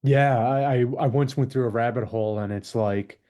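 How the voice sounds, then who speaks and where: A man's voice: medium pitch, moderate pace, mellow. A man hosting a radio interview in a studio, chatting eagerly and agreeing often. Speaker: radio host.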